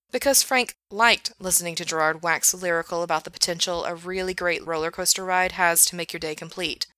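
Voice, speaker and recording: A woman narrating a fiction audiobook in a steady, matter-of-fact reading. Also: fairly low pitch, no room sound. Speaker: reader.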